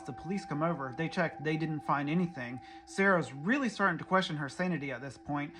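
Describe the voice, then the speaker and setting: A man narrating a horror storytime in a suspenseful manner, with dramatic pauses and asides. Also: a little high, pushed and bright.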